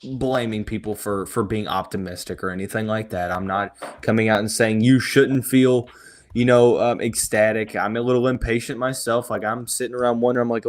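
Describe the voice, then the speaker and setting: A man hosting a sports podcast, talking in a relaxed, reassuring way with many fillers. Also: mid-range voice, moderate pace. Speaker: podcast host. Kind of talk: casual sports talk.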